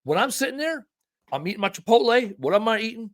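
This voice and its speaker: A man's voice: high-pitched, fast. A man hosting a podcast in casual chat, talking in an emphatic, folksy way and swearing freely. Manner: animated, emphatic, folksy and profane. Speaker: podcast host.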